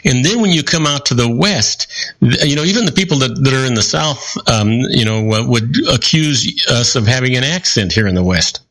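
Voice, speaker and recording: A man's voice: medium pitch, lively intonation, normal speed, fairly bright tone, rough recording. A man from California telling stories in a casual radio chat, with fillers and asides. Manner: storytelling, chatty, with fillers and asides.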